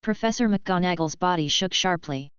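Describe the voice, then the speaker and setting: A woman narrating an audiobook in a steady, even reading style. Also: on the low side, moderate pace, smooth, no room sound, highs cut off.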